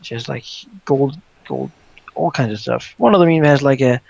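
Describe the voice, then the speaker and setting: A man with a gravelly voice narrating a tabletop role-playing game as game master, in a laid-back, descriptive way. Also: mid-range voice, animated, normal speed, darkish tone, dry recording. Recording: dull lo-fi mic.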